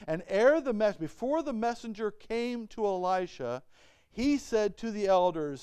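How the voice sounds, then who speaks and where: Male pastor, high and animated voice, smooth and dry, sermon with rhetorical questions. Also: a little slow, no echo. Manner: asks the congregation rhetorical questions; reads Bible verses aloud and explains them. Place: church.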